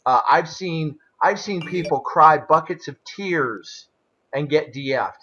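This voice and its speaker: A man's voice: on the high side, slow, bright, forceful tone, slightly rough. Man with a dull lo-fi sound. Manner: plainspoken, explains at length with folksy asides. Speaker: interview host, former elder. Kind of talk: casual conversational interview. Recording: dull lo-fi audio.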